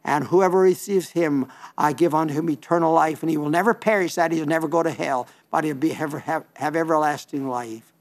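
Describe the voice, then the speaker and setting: Older male radio preacher, fairly high voice, earnest and repetitive delivery. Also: fairly quick. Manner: earnest, repetitive storytelling with restarts. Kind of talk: radio sermon.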